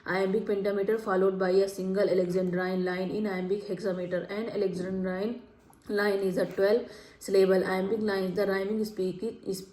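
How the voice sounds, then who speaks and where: A woman teaching a study lecture reads out each exam option and then slowly restates the correct answer. She speaks at a medium pitch in a mellow, flat tone, and the space around her echoes.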